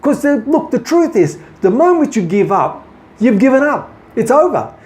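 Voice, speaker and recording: An earnest man talks straight to camera with encouraging motivational advice for his viewers. His pitch moves a lot as he leans into each point. He restarts words now and then and calls the audience his friends. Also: very animated, normal speed, darkish tone. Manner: repeats himself with small restarts. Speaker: artist giving business advice, host of a daily video show.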